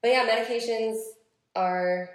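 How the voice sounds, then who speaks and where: A woman's voice: a little high, steady tone, unhurried, reverberant. A woman in her twenties telling a personal story in casual chat, full of filler words, recorded on a phone. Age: 20s. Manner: chatty storytelling with many "like" fillers.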